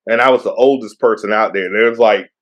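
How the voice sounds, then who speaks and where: A man's voice: lowish voice, brisk, highs cut off. A middle-aged man co-hosting a podcast, chatting in a laid-back, joking way and patiently explaining things. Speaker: podcast co-host. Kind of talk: casual chat.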